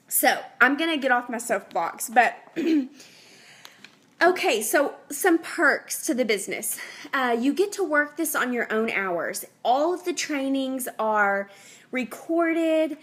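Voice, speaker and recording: A woman's voice: high-pitched, expressive, a little slow, a bit bright. Earnest young woman with a twang. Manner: earnest, rambling, faith-driven, with many fillers and restarts. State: pregnant. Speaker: health coach. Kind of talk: casual unscripted talk to viewers.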